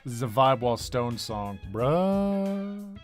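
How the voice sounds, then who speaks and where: Animated young man chatting while drawing. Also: medium pitch, normal speed, soft background music. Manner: animated, reads chat aloud, laughs often. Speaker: artist streaming his drawing. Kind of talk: casual livestream chat while drawing.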